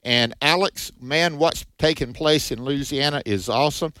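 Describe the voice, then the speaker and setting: A man's voice: on the high side, normal speed, bright, forceful tone, no room sound. A man hosting a Christian radio call-in show, talking in a folksy, hesitant way with lots of fillers. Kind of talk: casual radio chat.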